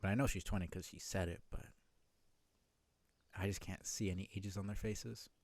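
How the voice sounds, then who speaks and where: A man's voice: sits low, fairly even intonation, moderate pace, no echo. A man streaming a game live, chatting in a rambling, self-deprecating way with lots of fillers.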